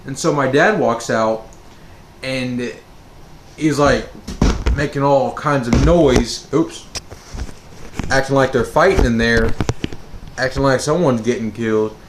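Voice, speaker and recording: A man speaking at a slow, unhurried pace, meandering through a personal story with plenty of "um"s and restarts. His voice rings out in a roomy, echoey space over a faint hum of background noise. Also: medium pitch. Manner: rambling, with many fillers and restarts. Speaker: vlogger. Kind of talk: storytime monologue.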